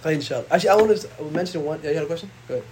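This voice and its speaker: An imam giving a relaxed religious lesson to a class. He talks quickly in a fairly high voice, with a casual, slangy way of speaking. He rattles off Arabic recitations at speed. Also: a little hiss or hum. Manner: conversational, slangy, recites Arabic verses rapidly.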